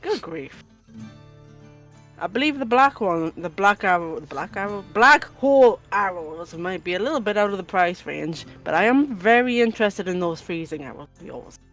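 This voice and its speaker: A tabletop player who speaks dryly and with some hesitation, though the voice moves lively in pitch. Faint guitar music plays behind. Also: moderate pace. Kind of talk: tabletop game play.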